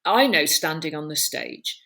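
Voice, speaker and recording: Bright, animated woman podcast host. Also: low voice, unhurried. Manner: animated and emphatic, piling up descriptions. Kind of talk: conversational interview.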